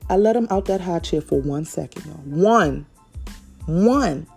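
A woman in her thirties tells parenting stories in a relaxed, chatty monologue. Her voice sits low, with a dark, husky tone. She keeps talking straight to her listeners and jumps into the voices of her kids, with faint music playing underneath. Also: unhurried. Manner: animated, addresses listeners as y'all, repeats words, acts out quotes. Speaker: mother telling parenting stories. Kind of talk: casual storytelling monologue.

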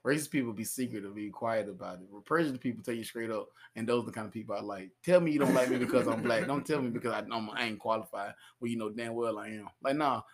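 A man from Georgia, co-hosting a casual comedy podcast, animated and profane, laughing often. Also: medium pitch, fast talker, few pauses. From Georgia, US South. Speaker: podcast co-host.

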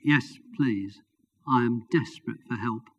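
A man voicing a badly wounded young man near death, speaking quietly and weakly in a read-aloud story. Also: mid-range voice, lively intonation, slow pace. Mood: weak, pleading. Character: dying wounded young man, weak and pleading. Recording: dull lo-fi recording.

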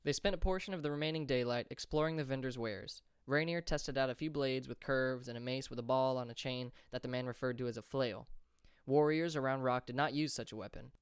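A man reading a fantasy audiobook chapter as narrator, in a steady, measured way. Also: mid-range voice, smooth, no echo, clean studio sound.

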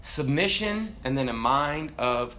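A man preaching a sermon in an animated way, swinging from loud exclamations to hushed asides. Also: a little high, unhurried.

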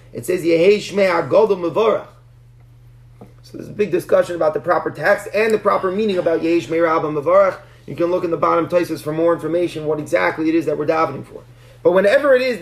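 Male Talmud teacher, high voice with a gravelly edge, earnest explainer. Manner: earnest, explanatory, frequent restarts. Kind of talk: Talmud class lecture.

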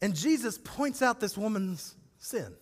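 A male pastor preaching a sermon, animated and acting out scripture scenes as he speaks directly to his congregation. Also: high voice, measured pace, in a large hall.

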